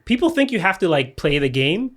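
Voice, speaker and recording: A man hosts a casual podcast, asking his guests questions in an easygoing way. He listens closely and keeps up a steady stream of "mm-hmm"s. His voice sits a little high for a man. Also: brisk. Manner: attentive, frequent "mm-hmm" backchannels. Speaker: podcast host.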